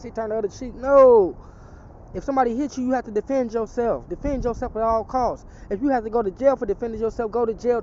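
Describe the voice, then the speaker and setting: A man's voice: high-pitched, warm tone, slight background noise. Man, personal testimony, rambling, profane, preachy, lo-fi dull recording, city street outside. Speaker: channel host telling a personal testimony. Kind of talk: casual spoken testimony.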